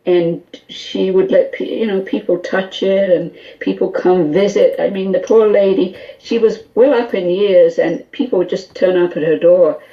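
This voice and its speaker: A woman guest on a call-in radio show, telling an animated story full of quoted dialogue and small laughs. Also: mid-range voice, normal speed, few pauses, muffled recording. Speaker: guest, skull interpreter.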